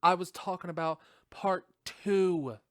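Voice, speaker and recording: A man's voice: high-pitched, takes it slowly, no echo, clean studio sound, pitched above the performer's own voice. A man voicing a taunting male killer on the phone, mocking and menacing.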